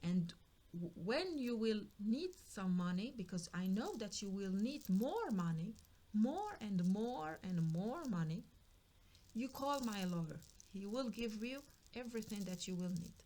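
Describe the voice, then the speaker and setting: A woman's voice: medium pitch, sing-song, unhurried, dark tone. A woman voicing a wealthy man who is walking out on his partner, blunt and clipped as he insists on leaving now. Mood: cold.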